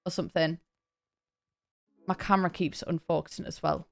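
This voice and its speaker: A young woman chats casually to her live-stream viewers, reading out names and laughing as she goes. Her voice is smooth and clear at an ordinary pitch, with faint music playing behind her. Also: expressive, quick pace. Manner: chatty, thanks viewers by name, laughs often. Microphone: desk mic, camera on.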